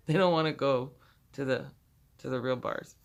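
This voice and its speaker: A woman's voice: a bass voice, unhurried, muffled recording. A woman casually telling a personal story, rambling and profane, laughing often as she goes.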